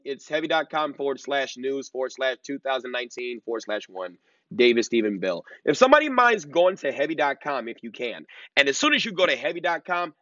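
A man in his thirties hosts a live-streamed commentary lecture, recorded on a laptop mic with dull, lo-fi, dry sound and no room sound. His medium-pitched voice is pushed and bright; he's emphatic and drawn out, full of fillers and repeated "okay?" checks.

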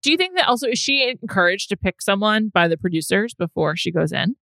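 In a dry recording, a young woman with a mid-range voice co-hosts a podcast, talking casually. Her manner is animated and talkative, and she laughs quickly.

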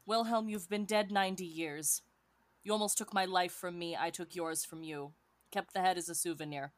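A woman voicing a cold vampire woman who taunts an old enemy in a quiet, even voice. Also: lowish voice, normal speed, dry recording, natural voice. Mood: cold taunting.

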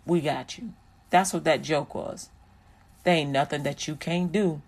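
A vlogger giving preachy, sermon-like encouragement, repeating phrases and slowing down to stretch out key lines. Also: mid-range voice, gravelly. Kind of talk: preachy inspirational commentary.

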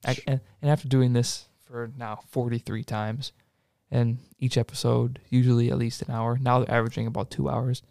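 A young man hosts a casual podcast, talking slowly and softly right up on the microphone. His voice has a gravelly fry to it, and the sound is close and dry with no room around it. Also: mid-range voice, no room sound. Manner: soft, relaxed, drawn-out questions. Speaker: podcast host. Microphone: studio podcast mic, close.

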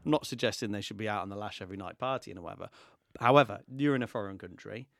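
Animated man telling a story. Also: on the low side, rapid-fire, gravelly, dry recording, studio quality. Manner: animated anecdote teller. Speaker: podcast co-host. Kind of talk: casual podcast chat, storytelling.

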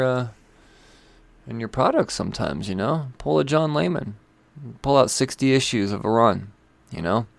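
A man's voice: mid-range voice, gravelly, dry recording. A man hosting a casual, rambling commentary on new comics, chatty and irreverent, with swearing and asides. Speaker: comic book video host.

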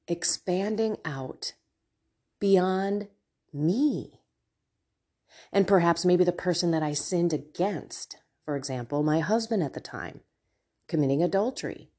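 A woman's voice: lowish voice, takes it slowly, dark tone. A middle-aged woman hosting a podcast, sharing a personal, confessional reflection. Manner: emotional, confessional, with laughs. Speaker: podcast host.

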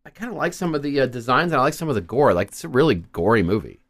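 A man co-hosting a casual movie discussion, trading sardonic, deadpan quips. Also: medium pitch, very fast, no echo. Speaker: podcast co-host.

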